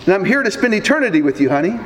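A man's voice: high voice, very animated, very fast, fairly bright tone, long reverb tail, slight background noise, poor audio. A male preacher voicing a flustered husband who stammers and pleads in a rush as part of a joke. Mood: pleading. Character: flustered grieving husband, adult man.

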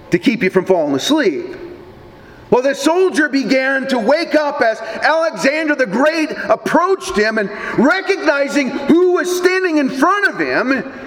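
High voiced guy preaching a sermon, slow and deliberate, big swings in pitch, echoey church room. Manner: animated storytelling preacher, deliberate. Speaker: pastor.

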